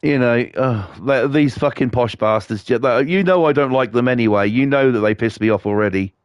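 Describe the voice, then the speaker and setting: A man's voice: medium pitch, brisk, no room sound, clean studio sound. A British man streaming a game, ranting bluntly and swearing constantly as he chats to viewers. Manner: profane, blunt, scornful. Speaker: livestreamer.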